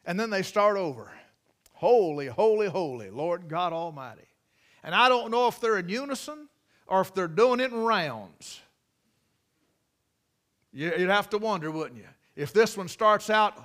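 A man preaching a sermon, folksy and emphatic, with many restarts and loud repeated cries. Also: high voice, lively intonation, normal speed.

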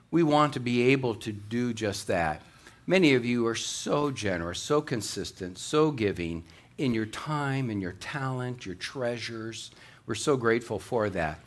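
A man preaching a sermon as pastor, folksy and quick, with fillers and joking asides. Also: medium pitch, a bit bright.

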